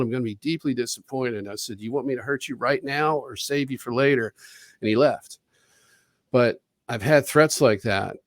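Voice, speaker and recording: A man's voice: mid-range voice, no echo, clean studio sound. A man on a video call, telling a long story in a rambling, casual way, with restarts, swearing and acted-out quotes. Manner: rambling, profane, with frequent restarts and quoted dialogue. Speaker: interview guest.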